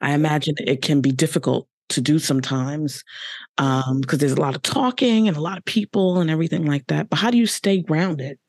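A woman's voice: sits low, a little fast, a little mellow, no echo, studio quality. A woman hosting an interview podcast, chatting casually and praising her guest, with many fillers. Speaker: podcast host.

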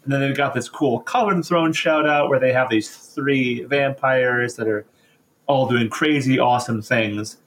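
A man on a podcast retelling a story casually, in slangy, animated speech. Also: mid-range voice, unhurried. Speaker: podcast co-host.

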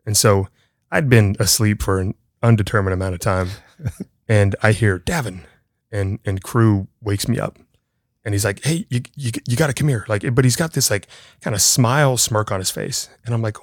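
Man, podcast host, lowish voice, lively storyteller, dry close mic. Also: normal speed, no echo. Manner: animated storyteller, acts out voices, laughs often. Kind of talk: casual podcast chat.

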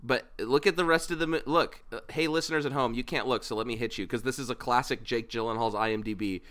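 A man's voice: mid-range voice, steady tone, fast talker, fairly bright tone. A young man co-hosting a podcast in casual, joking chat, who swears freely and trails off mid-sentence. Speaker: podcast co-host.

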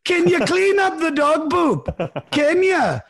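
A man's voice: sing-song, slow pace, vocal fry, fairly bright tone, exaggerated voice. A man putting on a mock Canadian accent to play a bickering neighbor from a cheap reenactment, whining and tagging his lines with "eh". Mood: indignant. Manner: squeaky, whining, tags lines with "eh".

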